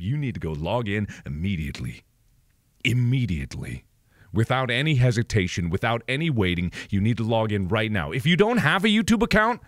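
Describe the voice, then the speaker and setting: A man in his twenties giving a mock-solemn rallying monologue to camera, melodramatic and swinging between hushed and booming lines. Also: no room sound, clean studio sound. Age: 20s. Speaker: video creator.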